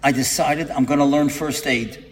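A man's voice: fairly high pitch, fairly even intonation, moderate pace, creaky. A man telling a story in a sermon to an audience, delivering it dramatically, acting out the quotes and building to emphatic peaks. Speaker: preacher. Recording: long hall reverb.

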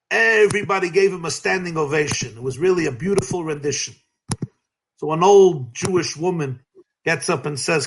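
A rabbi being interviewed, telling stories in a lively, emphatic way, sometimes breaking into shouts, with light laughs between phrases. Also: male voice, high-pitched, moderate pace, vocal fry, husky. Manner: lively, emphatic, bursts into shouting and chanted cries. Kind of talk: animated storytelling in an interview.

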